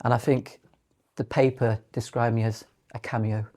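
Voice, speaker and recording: Dry, relaxed man talking theatre. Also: medium pitch, normal speed. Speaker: theatre director guest. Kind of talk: casual podcast chat.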